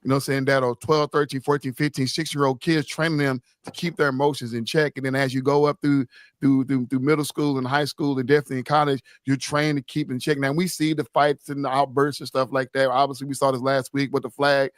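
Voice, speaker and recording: A man's voice: medium pitch, level tone, fast talker, no room sound, studio quality. Rambling man hosting a sports podcast. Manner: loose, rambling, reads out listener comments. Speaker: podcast host. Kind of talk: casual sports chat.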